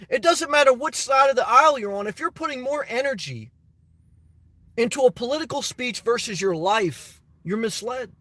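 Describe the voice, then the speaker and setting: A man with a high, bouncy voice that swings widely in pitch, joking through a mock-solemn address and laughing often. He speaks from inside a car into a phone, and the sound is close and dry. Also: a bit bright, dry recording. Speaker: livestreamer.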